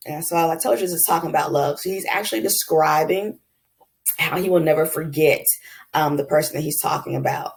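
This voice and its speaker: A teacher is giving a classroom lecture, walking her students through a lesson. She has a low voice with a gravelly fry and a relaxed, chatty delivery, calling the class "y'all" and filling pauses with frequent "um"s.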